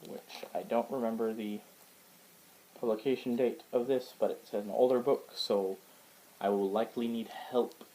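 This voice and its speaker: At home, a man casually shows his book collection to the camera in a show-and-tell vlog, rambling and hesitant with many fillers and restarts. His voice is medium-pitched, steady and dark, at a moderate pace. The recording is low quality, with a little hiss or hum.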